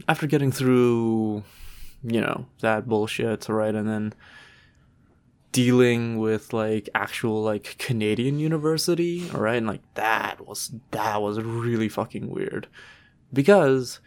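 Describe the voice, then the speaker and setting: Laid-back male co-host from Trinidad, easygoing chat, plenty of fillers, mid-pitched voice. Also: slow pace, a little mellow. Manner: laid-back, swears freely, many fillers. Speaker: podcast co-host. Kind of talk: casual chat.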